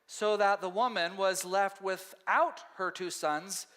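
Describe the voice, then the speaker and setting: A male pastor preaching a sermon in a church, conversational and animated, often acting out quotes. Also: high-pitched, slow pace. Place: church sanctuary. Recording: long hall reverb.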